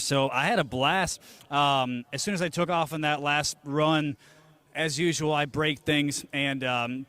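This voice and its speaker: A male driver with a fairly high voice talks casually after a race, full of fillers and growing more hyped as he rallies the crowd at an outdoor speedway. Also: a bit bright. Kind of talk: post-race interview and crowd address.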